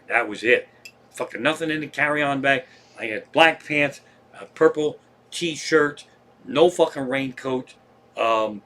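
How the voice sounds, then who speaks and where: Profane Pennsylvania comedian telling stories. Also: male voice, on the high side. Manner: profane, animated storytelling. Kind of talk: live-streamed storytelling.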